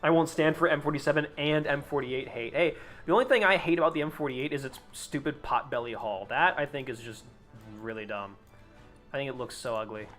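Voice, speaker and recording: A man's voice: medium pitch, fairly quick, fairly bright tone. Young dude on a live stream, rambly, cusses a lot, laughs at his own bits, normal middle voice, faint music in the back. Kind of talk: casual live-stream chat.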